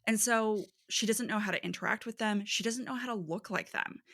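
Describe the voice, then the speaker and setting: A woman co-hosting a book podcast in casual chat, speaking in a measured, analytical way with agreeing murmurs. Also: medium pitch, a bit bright. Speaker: podcast co-host. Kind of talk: casual literary discussion.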